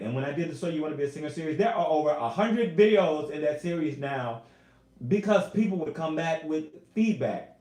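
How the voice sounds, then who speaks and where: Singer guy on a home livestream, kinda high voice, heartfelt, talks to y'all, roomy echo. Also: fairly quick. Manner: emotional, earnest, animated, addresses viewers as y'all. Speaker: YouTuber and singer. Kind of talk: casual live-stream chat.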